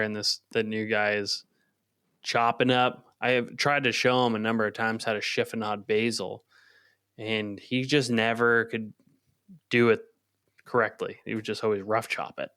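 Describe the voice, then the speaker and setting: Smooth-voiced man telling kitchen stories. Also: lowish voice, a bit bright, no echo, studio quality. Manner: rambling storyteller, laughs often. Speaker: podcast co-host, chef. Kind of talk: casual podcast chat.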